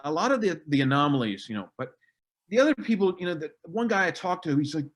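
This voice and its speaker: Middle-aged man, military historian, lively swooping voice, slightly raised pitch, casual podcast chat. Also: quick pace. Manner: animated, mocking impressions of others.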